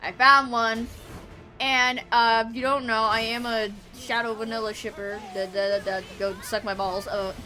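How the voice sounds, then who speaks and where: A young woman streaming games live, chatting casually, excitable and swearing freely, often bursting into shouts. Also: on the high side, normal speed, faint music behind. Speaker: VTuber streamer.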